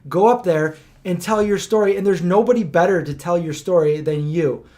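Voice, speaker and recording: A man's voice: high-pitched, normal speed, warm tone. A man telling a story in a casual podcast chat, rambling and full of fillers. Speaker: podcast host.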